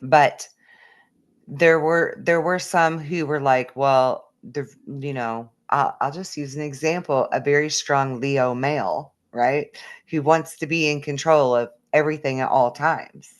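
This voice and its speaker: A woman's voice: deep voice, steady tone. A woman, a newer regression therapist, chatting casually and readily agreeing. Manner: agreeable, quick to affirm. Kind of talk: casual conversation.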